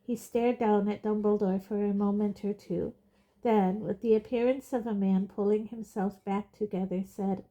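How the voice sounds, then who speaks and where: A woman reading a novel aloud in a steady narrating voice. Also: mid-range voice, normal speed. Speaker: audiobook reader. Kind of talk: storybook narration.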